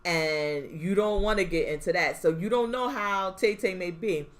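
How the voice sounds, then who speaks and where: A young adult woman co-hosting a podcast in casual chat, animated, laughing often and acting out quotes. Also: lowish voice, normal speed. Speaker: podcast co-host.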